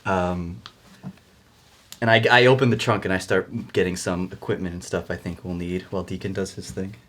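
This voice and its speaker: A man playing a tabletop game, describing his character's actions in an animated way, hesitating with fillers. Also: sits low, normal speed. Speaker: player.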